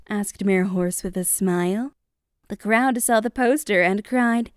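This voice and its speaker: A woman narrating a children's storybook in an animated read-aloud manner. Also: medium pitch, a little slow, dry recording, studio quality.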